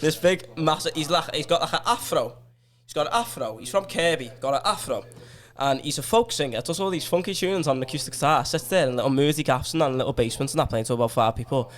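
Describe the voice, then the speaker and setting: A young man with a Liverpool accent tells an anecdote in casual chat, bursting into loud cries and laughing as he goes. His voice sits a little high for a man. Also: fast talker, few pauses. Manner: animated storyteller, laughs often, loud outbursts. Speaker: band member guest.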